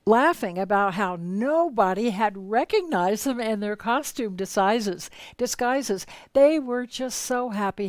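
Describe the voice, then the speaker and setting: A woman storyteller recounting a spiritual tale with lively, dramatic delivery, at times dropping low and at times rising sharply. Her voice sits at an ordinary middle pitch, and the recording is dry, with no room echo.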